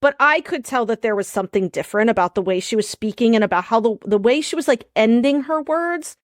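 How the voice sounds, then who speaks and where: A woman's voice: fairly high pitch, expressive, fast talker, no echo, studio quality. A woman co-hosting a podcast in a casual chat. She talks in a chatty, loose way, laughs often and trails off into restarts. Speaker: podcast co-host.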